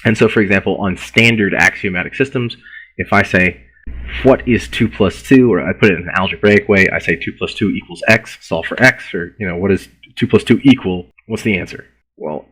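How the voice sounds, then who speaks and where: Husky, low-voiced man lecturing. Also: a little fast, a bit bright, low-quality recording. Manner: conversational, repeats himself, restarts words. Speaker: philosophy lecturer. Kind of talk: university lecture.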